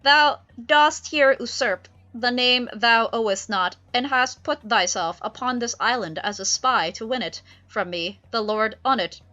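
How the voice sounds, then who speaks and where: A woman voicing Prospero, a stern, scheming old sorcerer father, reading his lines loudly and commandingly. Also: fairly high pitch, measured pace, few pauses, highs cut off, voice pushed up. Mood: accusing.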